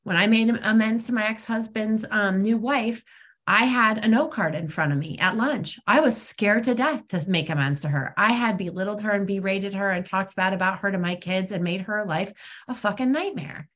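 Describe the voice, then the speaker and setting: A woman's voice: medium pitch, normal speed, a bit bright. Middle-aged woman, plain frank delivery with lots of ums, recovery-meeting share over an online call. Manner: frank and conversational, many ums. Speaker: twelve-step meeting speaker. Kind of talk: personal sharing at a recovery meeting.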